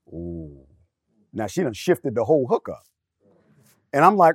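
On a casual panel discussion, a middle-aged male guest shares a personal story at a normal pace, his voice on the high side. The studio sound is clean and dry, and he animatedly performs each quoted line in character.

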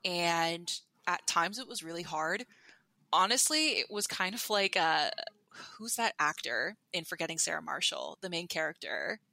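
A woman recounting a personal story on a podcast, full of fillers and quick restarts. Her voice is bright and on the lower side, recorded dry and close to the mic. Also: expressive, creaky, dry recording. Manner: chatty, many fillers and restarts. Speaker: podcast guest. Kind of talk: candid storytelling.

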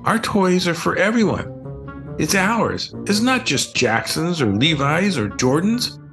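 A man's voice: on the high side, big pitch swings, unhurried, a bit bright, soft background music, exaggerated voice. An older man reading the lines of a wise eight-year-old girl who explains things earnestly.

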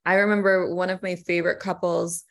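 A woman talking as a podcast guest in casual chat. Her voice sits slightly low, and she rambles earnestly, restarting her sentences. She laughs now and then as she talks. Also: little pitch movement, brisk.

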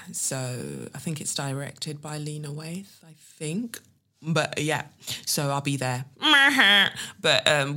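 A woman talks through her podcast from her living room. Her voice is bright and forward. She chats in a loose, playful way, mixing jokes with earnest spiritual talk and a tarot reading. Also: sits low. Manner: chatty, playful and animated, with spiritual asides. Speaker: podcast host.

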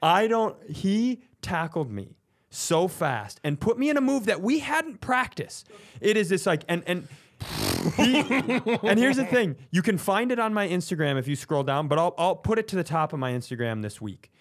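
A man's voice: high voice, moderate pace. A young man on a podcast, telling a story in a casual chat and acting out the other people in it with raised voices. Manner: animated, acts out quotes in raised voices. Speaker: podcast co-host.

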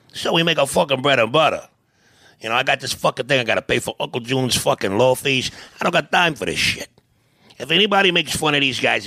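A man's voice: mid-range voice, creaky, bright, forceful tone, dry recording, heavily acted. A man voicing a blunt, swearing mob boss giving orders about hecklers. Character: gruff tough-guy mob boss, male, middle-aged.

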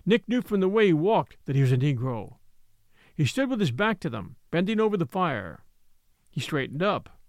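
A man narrating a literary short story in a measured, storytelling manner. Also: on the high side, sing-song, dry recording, clean studio sound.

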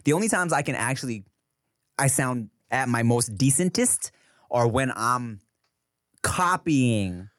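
A man co-hosting a podcast in casual chat, teasing, quick with jokes and swearing. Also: mid-range voice, expressive, fairly bright tone, dry recording, clean studio sound. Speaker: podcast co-host.

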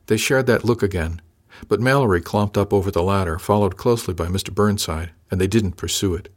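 A man reading a first-person science fiction story aloud in a measured, dry manner. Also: on the low side. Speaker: narrator. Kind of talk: scripted first-person audiobook narration.

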